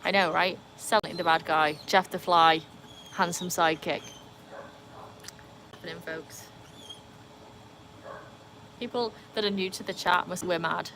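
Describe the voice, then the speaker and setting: A woman's voice: on the low side, steady tone, unhurried, pauses often, background noise. A British woman streaming live from home with her dogs, chatting casually as she reads and answers the chat. She rambles, with plenty of "like" and "um". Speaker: live streamer, dog owner. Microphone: phone.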